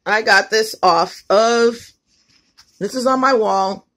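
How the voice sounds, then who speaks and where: Speaking slowly in a slightly high, somewhat bright voice, a woman records a casual phone vlog in her home kitchen. She hammers points with emphasis, says things more than once, and talks right to her viewers.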